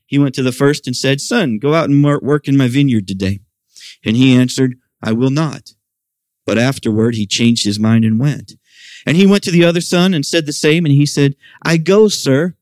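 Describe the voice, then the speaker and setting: Middle-aged male pastor, animated sermon delivery, mid-range voice, dry close sound. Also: normal speed, no room sound. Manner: animated preaching, voicing quoted questions in a raised pitch. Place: church service.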